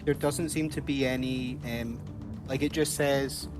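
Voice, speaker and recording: A man's voice: medium pitch, steady tone, unhurried, music in the background. A man playing in a tabletop game, reading rules aloud in a hesitant way with many fillers. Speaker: player. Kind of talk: casual tabletop play.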